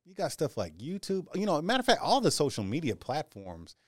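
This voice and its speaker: Man, podcast host, laid-back and joking, lively pitch, dry close sound. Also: fairly quick, no room sound. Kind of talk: casual chat.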